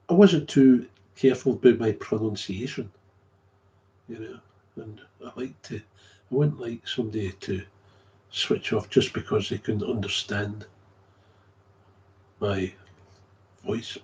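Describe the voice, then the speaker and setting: Rambling man, mellow voice. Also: fairly low pitch, takes it slowly, pauses often, slight background noise. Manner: rambling, repeats himself, chuckles often. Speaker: recovering alcoholic sharing his story. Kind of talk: casual monologue. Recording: dull lo-fi recording.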